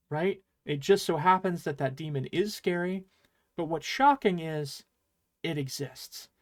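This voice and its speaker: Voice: mid-range voice, a little mellow. A teacher giving an online Japanese lesson, explaining patiently and playfully, with dramatic emphasis on the example sentences.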